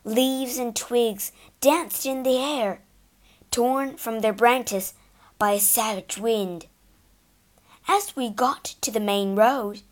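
Animated woman reading a storybook. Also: on the high side. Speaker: storybook narrator. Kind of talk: expressive storybook narration.

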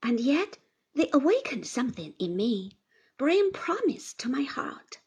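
A woman narrating a classic novel aloud in a measured, gentle manner. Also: high-pitched, very animated, husky. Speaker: audiobook narrator.

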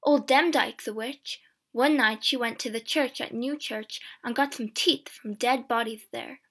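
A woman voicing a defiant young man, a witch's son, who boasts loudly. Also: on the high side, unhurried. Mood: boastful. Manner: loud, boastful.

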